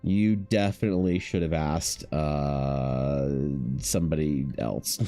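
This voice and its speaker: A man's voice: extremely low pitch, fairly even intonation, slow, mellow, soft background music. A man artist chatting casually on a livestream, rambling and joking self-deprecatingly with his viewers. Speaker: artist streaming commissions.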